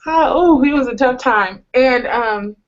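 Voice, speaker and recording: A woman's voice: sits high, a little slow. Candid woman sharing her testimony, lo-fi. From United States. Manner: earnest, candid, with bursts of humor and slang. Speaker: host sharing a personal testimony. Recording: slightly dull, lo-fi recording.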